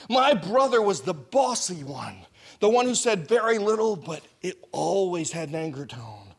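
High, husky-voiced male storyteller. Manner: dramatic, shifts from hushed asides to shouting, laughs through lines. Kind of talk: personal storytelling.

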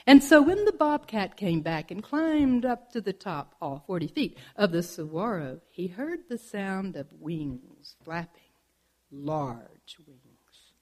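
Slow, expressive woman storyteller. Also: lowish voice. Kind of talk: oral folk storytelling.

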